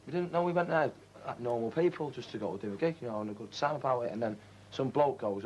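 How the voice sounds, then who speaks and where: A man's voice: medium pitch, animated, fast, hardly any pauses, darkish tone, slight background noise, low-quality recording. A man, a guest in a casual interview, talking in cocky, slangy banter and interrupting often. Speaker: band member guest.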